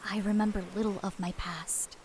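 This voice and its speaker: An actress voicing a calm, selfless young female apothecary in a video game, composed and earnest. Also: medium pitch, moderate pace, slight background noise, lightly acted, poor audio. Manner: composed, earnest, soft-spoken.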